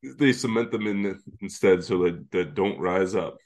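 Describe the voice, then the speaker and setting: A man's voice: deep voice, measured pace. A man co-hosting a podcast in casual chat, recapping the plot at length with laughs and the odd swear word. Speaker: podcast co-host.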